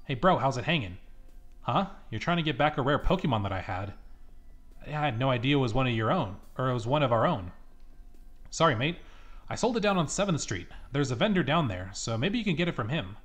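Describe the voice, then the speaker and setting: A man's voice: medium pitch, big pitch swings, brisk, fairly bright tone. A man voicing a slick street hustler in a video game, breezy and offhand.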